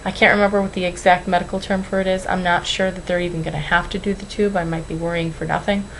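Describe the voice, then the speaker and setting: A woman's voice: lowish voice, little pitch movement, quick pace, fairly bright tone, a little hiss or hum, rough recording. A young woman vlogging at home into a webcam, rambling and apologizing, anxious and close to tears. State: tearful. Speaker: weight-loss vlogger. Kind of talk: emotional webcam vlog.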